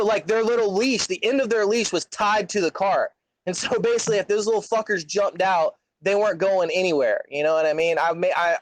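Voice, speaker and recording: A man's voice: high-pitched, no room sound, rough recording. A young man telling a long story in casual chat, rambling and swearing constantly. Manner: profane, rambling, animated storyteller.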